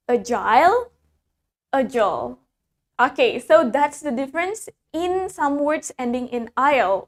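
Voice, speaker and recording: Woman, high voice, English teacher, bilingual lesson, word drills. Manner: switches between English and Indonesian, drills words for repetition.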